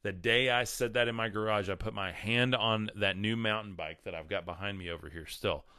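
A man giving a casual spiritual talk to his viewers, rambling with repeated words and many ums, slowing down for emphasis. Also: fairly low pitch, fairly even intonation, bright, forceful tone, clear, resonant tone, dry recording, studio quality. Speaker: spiritual teacher.

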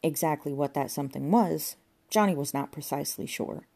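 A woman narrating an audiobook in a dry, steady way. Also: sits low, brisk, vocal fry, breathy edge.

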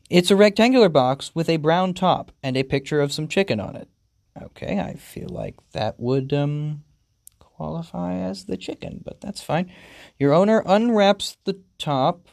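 A game host giving deadpan, amused playthrough commentary and reading the game's story text aloud. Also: mid-range voice, no room sound, clean studio sound. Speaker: gaming video host.

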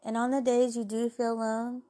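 A woman hosting a podcast, giving an earnest, heartfelt, faith-based talk of encouragement that often softens into gentle asides. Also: a little high, little pitch movement, a little fast. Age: adult mother. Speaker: podcast host.

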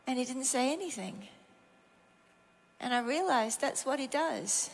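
A middle-aged woman with an Australian accent delivers a sermon in a bright, high voice. She tells stories from her own life in an animated way, acting out prayers and dialogue as she goes. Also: normal speed, a little hiss or hum. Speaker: preacher. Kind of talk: sermon with personal storytelling.

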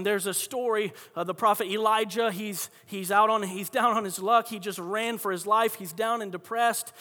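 A man's voice: high-pitched, pushed and bright, in a large hall. A man pastor preaching a sermon in a conversational, storytelling way, often restarting his sentences.

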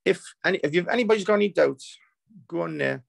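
A man's voice: high-pitched, quick pace, no echo, poor audio. A man, a healer telling a story as the guest, rambling with repeats and broken restarts. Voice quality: gravelly. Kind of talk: emotional storytelling.

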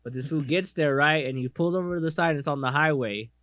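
Expressive, swearing podcast guy. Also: fairly high pitch, fast, no echo, studio quality. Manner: animated, swears a lot, acts out others' voices; self-described most expressive. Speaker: podcast co-host. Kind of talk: casual chat.

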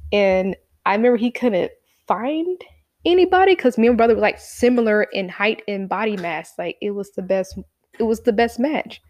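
A woman's voice: medium pitch, lively intonation, moderate pace, a little mellow, dry recording. A woman casually telling a personal story in a chatty, rambling way, acting out what people said. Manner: chatty, rambling, acts out quotes.

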